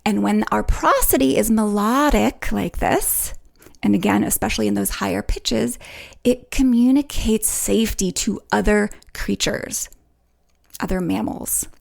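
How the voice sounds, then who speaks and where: Playful melodic woman with gravelly edges. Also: moderate pace, darkish tone. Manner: melodic, playful, swoops up in pitch to demonstrate. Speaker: podcast host. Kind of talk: solo podcast teaching.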